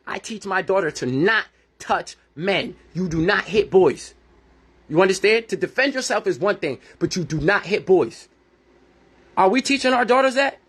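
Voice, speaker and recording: Breathy at the edges and fairly bright, this man's high voice carries a heated, profanity-laced monologue on his own podcast. In his thirties, he bluntly rants and reenacts past conversations.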